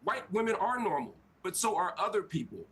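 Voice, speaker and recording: A man with a slightly high voice argues his point as a guest on a television panel. He sounds earnest and measured and repeats phrases for emphasis. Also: big pitch swings, a bit bright. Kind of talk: earnest panel debate argument.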